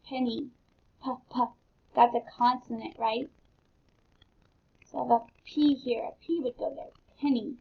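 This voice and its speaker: A woman's voice: a little high, vocal fry, slightly rough. A woman teaching a phonics lesson to young children, patient and encouraging, spelling words out letter by letter. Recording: dull lo-fi sound.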